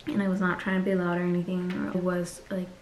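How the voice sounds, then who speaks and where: A woman's voice: lowish voice, completely flat delivery, fast talker, reverberant, background noise. A woman vlogger telling a personal story in a candid, chatty way and acting out the people she quotes.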